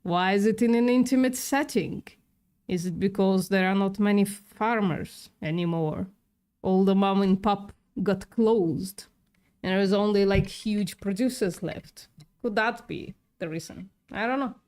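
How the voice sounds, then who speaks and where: Woman streamer, non-native English accent, slow sarcastic casual chat, mid-pitched. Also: a little mellow. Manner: sarcastic, swears casually, laughs often. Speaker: livestreamer.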